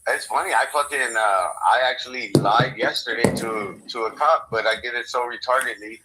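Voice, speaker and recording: A man's voice: medium pitch, moderate pace, very noisy. A young American man on a podcast, rambling and swearing as he tells a story, acting out both sides of a conversation. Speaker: podcast co-host. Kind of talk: casual chat.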